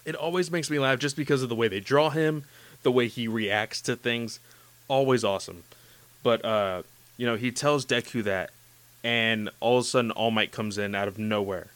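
An excitable man talks in a casual chat, gushing with enthusiasm and filling every pause with "like" and "you know". His voice is smooth and clear, at a middle pitch. It is recorded close and dry, with no room sound. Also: no room sound. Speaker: podcast host discussing anime.

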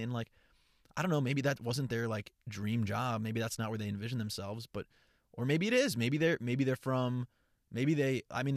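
A man's voice: lowish voice, no room sound. Young guy podcasting from his car, hyped and swearing, keeps restarting sentences, dry close sound. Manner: energetic, profane, rambling with frequent restarts. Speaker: podcast host and content creator. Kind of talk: casual solo podcast chat. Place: parked car.

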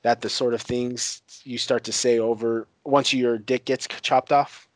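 A man's voice: medium pitch, flat delivery, dry recording, lightly acted. A man voicing a brash, mocking older pirate uncle while retelling a TV scene. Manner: taunting, crude, unhurried.

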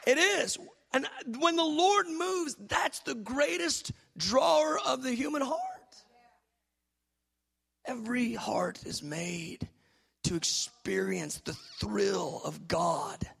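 A man, a pastor preaching a charismatic sermon, swinging from soft musing to shouted preaching. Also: very high voice, slow pace, vocal fry, breathy edge.

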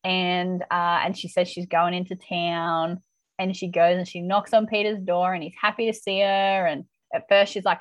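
A woman's voice: on the low side, fairly even intonation, normal speed, no echo, low-quality recording. A woman co-hosting a casual chat, animatedly retelling a TV episode and reacting with laughs. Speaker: podcast co-host recapping a TV episode.

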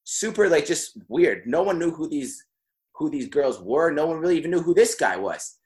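A man's voice: fairly high pitch, big pitch swings, moderate pace, darkish tone. A young man telling a long anecdote in casual podcast chat, full of "like" and laughing through it. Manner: rambling, heavy on "like", laughs mid-story.

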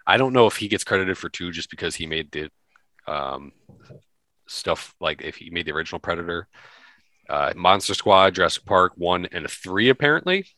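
A man's voice: sits low, expressive, normal speed, pushed and bright, no room sound. A man co-hosting a podcast, chatting casually and rambling through lists with lots of fillers. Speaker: podcast co-host. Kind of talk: casual chat.

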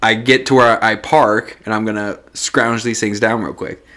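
A man's voice: on the low side, moderate pace. Profane man telling a story. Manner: profane, animated storytelling with bursts of laughter. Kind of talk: casual storytelling chat.

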